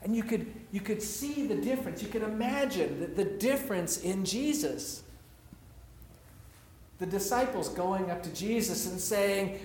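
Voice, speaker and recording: Reflective preacher in an echoey room. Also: male voice, high-pitched, lively intonation, moderate pace, darkish tone, a little hiss or hum. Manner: reflective, personal, storytelling. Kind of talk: sermon.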